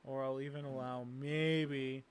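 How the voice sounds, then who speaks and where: A man running a tabletop game, giving quick rulings over a voice call. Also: mid-range voice, flat delivery, slight background noise. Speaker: game master.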